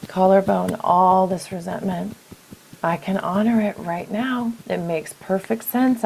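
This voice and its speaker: A woman leading a guided EFT tapping session, calling out tapping points in a slow, gentle, repetitive way. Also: mid-range voice, steady tone, vocal fry, a little hiss or hum.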